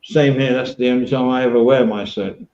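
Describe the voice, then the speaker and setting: A man's voice: medium pitch, steady tone, fairly quick, a little mellow, reverberant, lo-fi sound. An English man hosting a casual podcast chat, rambling and swearing now and then. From England. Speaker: podcast host.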